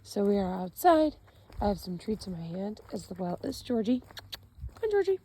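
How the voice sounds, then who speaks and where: A woman teaching dog training outdoors, her voice a little scratchy and hoarse. She explains calmly, then snaps out short commands and praise. Faint outdoor noise sits behind her. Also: mid-range voice. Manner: calm instructive talk with quick dog commands and praise. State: slightly hoarse, losing her voice. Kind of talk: instructional dog training demo. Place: outdoors, chilly.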